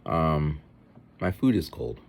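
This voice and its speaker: A man's voice: extremely low pitch, slow pace, creaky. A man with kids telling stories in a casual, rambling vlog monologue while he eats. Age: adult with children. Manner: rambling, animated, mimics other people's voices in quotes. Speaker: vlogger. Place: home, eating a meal.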